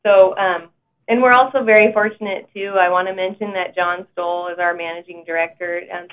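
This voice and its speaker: Woman manager, a bit low-pitched, measured board-meeting remarks, phone-line audio. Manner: steady, with frequent ums. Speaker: customer service manager.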